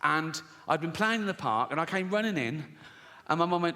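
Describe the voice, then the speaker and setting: A man's voice: fairly high pitch, animated, a little fast, bright, forceful tone. A man doing a stand-up routine, blunt and crude, mocking as he tells stories. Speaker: stand-up comedian. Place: live comedy stage. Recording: noisy live venue.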